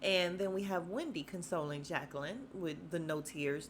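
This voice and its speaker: A woman hosting a podcast, recapping a reality show in a loose, slangy, animated way and breaking into laughter as she acts out the cast's lines. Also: fairly low pitch, moderate pace, slight background noise. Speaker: podcast host.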